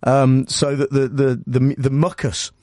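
A man's voice: mid-range voice, flat delivery, unhurried, darkish tone, dry recording, studio quality. Hesitant, stumbling radio host man. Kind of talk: comic radio phone-in sketch.

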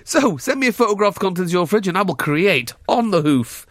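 This man, a radio host with a Glaswegian accent, has a high, very animated voice, brisk and fairly bright, captured in a dry recording. He jokes around and teases his co-hosts in easygoing studio banter.

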